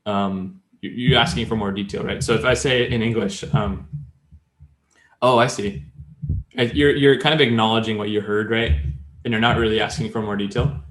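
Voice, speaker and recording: A man's voice: fairly low pitch, steady tone, moderate pace, fairly bright tone. Chatty man explaining grammar, echoey room. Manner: chatty, many fillers, explains step by step. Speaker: podcast co-host. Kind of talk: casual language-learning chat.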